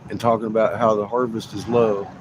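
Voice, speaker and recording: Low-voiced man ranting, traffic noise behind. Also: little pitch movement, fairly quick. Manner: swears constantly, repeats himself, laughs often. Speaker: livestreamer. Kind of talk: rambling profane rant.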